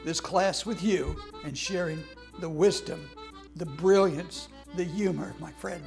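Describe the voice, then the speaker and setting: A man telling warm, funny stories in a tribute talk, often breaking into laughter as he goes. His speaking voice sits a bit high for a man. Soft music plays faintly underneath. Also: unhurried, vocal fry. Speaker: humor speaker teaching a class.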